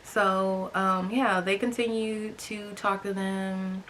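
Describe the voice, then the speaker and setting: A young woman in her twenties, a storytime vlogger, chats to camera in a mid-range voice that is slow, flat in delivery and fairly bright in tone. She fills her story with "like" and side comments to viewers, over slight background noise.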